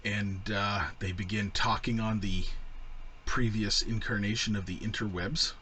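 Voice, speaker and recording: A man recaps a movie plot for his podcast co-hosts in a loose, rambling way, swearing constantly and laughing at himself. His voice is bright and forceful, and faint background noise sits under it. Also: fairly low pitch, fairly even intonation, measured pace. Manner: profane, rambling, laughs often. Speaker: podcast co-host. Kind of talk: casual movie review chat.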